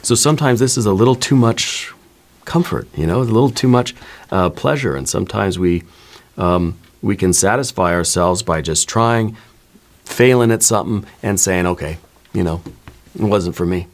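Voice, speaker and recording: A man giving a relaxed spoken tarot reading, reflective and conversational, often adding "you know" and "right.". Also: lowish voice, normal speed. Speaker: tarot reader.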